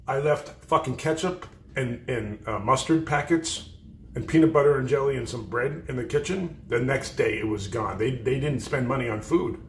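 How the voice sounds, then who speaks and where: A livestream host telling rambling, profane stories in a blunt way. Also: male voice, mid-range voice, normal speed, a little hiss or hum. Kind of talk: storytelling on a livestream. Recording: roomy echo.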